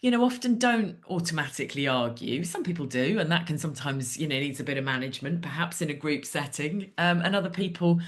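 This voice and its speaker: Low-voiced woman hosting a podcast. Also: animated, fast, hardly any pauses. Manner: thoughtful, hedging with many fillers. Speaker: podcast host. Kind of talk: conversational podcast interview.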